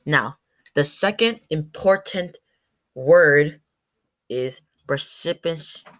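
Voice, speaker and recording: A woman's voice: sits low, slow, a bit bright. A woman presenting to a class. She stumbles over words, corrects herself, and says sample words aloud. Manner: demonstrates sounds aloud. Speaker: student presenter.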